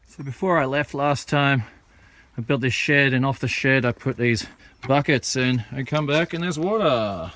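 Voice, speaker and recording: A man's voice: medium pitch, normal speed, slight background noise. A man chatting casually as he explains his work outdoors in a vlog. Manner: relaxed, chatty explaining while working outdoors. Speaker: vlogger planting trees. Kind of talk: casual show-and-tell vlog. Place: outdoors on hilly rural land.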